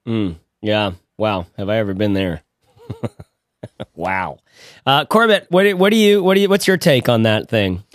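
A man's voice: lowish voice, expressive, normal speed, no room sound. Casual male co-host, joking and rambling, dry close mic. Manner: jokey, rambling, stumbles over words. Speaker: podcast co-host. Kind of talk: casual podcast chat.

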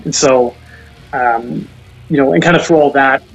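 A man's voice: medium pitch, moderate pace, gravelly. A young man, a guest musician calling in, talking casually and rambling, with many fillers and restarts. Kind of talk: casual interview by phone. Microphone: phone call. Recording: dull lo-fi call-in audio, faint music.

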